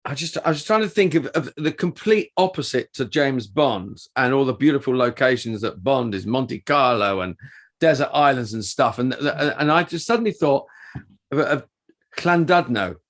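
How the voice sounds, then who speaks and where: Lively, rambling middle-aged man. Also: medium pitch, normal speed. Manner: rambling storyteller with many restarts. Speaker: podcast co-host and performer. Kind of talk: casual chat, anecdote telling.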